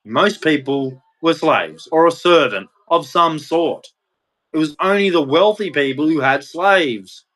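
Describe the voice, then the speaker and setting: An Australian man in his thirties speaks in a blunt, heated monologue and swears freely as he vents. His voice sits somewhat high for a man. He talks casually and plainly, without polish. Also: expressive, unhurried, fairly bright tone. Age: 30s. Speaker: vlogger.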